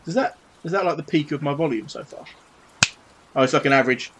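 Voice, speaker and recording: A man's voice: a little high, fast talker, noisy background. A British man in his thirties chatting cheekily and swearing playfully while painting on a live stream at his home desk. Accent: British English. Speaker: livestreamer painting models.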